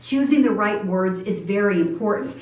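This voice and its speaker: A woman teaching a church family class on communication, gentle and encouraging, showing how tones of voice sound. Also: medium pitch, lively intonation, normal speed. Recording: echoey room, voice from far off.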